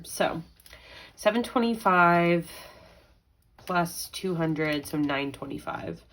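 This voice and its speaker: A woman's voice: fairly low pitch, expressive, slow pace, long pauses, a bit bright, poor audio. A young woman, chatting casually as she counts out budget money in a vlog. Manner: chatty, counting aloud, mild self-talk. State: pregnant. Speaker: budgeting vlogger. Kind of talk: casual chat while counting cash.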